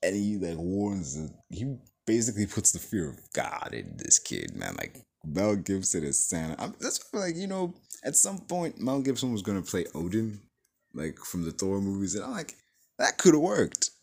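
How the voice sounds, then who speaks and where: Deep-voiced guy rambling thru a movie review, swears a lot, voice jumps all over. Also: normal speed, gravelly. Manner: excitable, profane, full of "like" and "you know". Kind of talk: casual spoken movie review.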